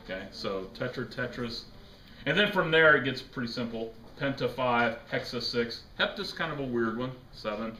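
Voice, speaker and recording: A man's voice: medium pitch, lively intonation, moderate pace, bright, forceful tone. A man teaching a chemistry class, lecturing casually, joking and quizzing his students. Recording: echoey classroom with faint noise.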